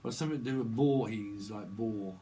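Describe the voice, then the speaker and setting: A man's voice: fairly low pitch, fairly quick, warm tone, a little hiss or hum, low-quality recording. A man doing a casual tarot reading vlog, rambling and slangy and often laughing. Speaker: tarot reader.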